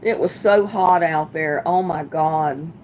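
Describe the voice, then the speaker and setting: A woman hosting a casual livestream, chatting with viewers as she reads their comments, sympathetic and quick to laugh. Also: sits low, darkish tone, a little hiss or hum. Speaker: livestream host.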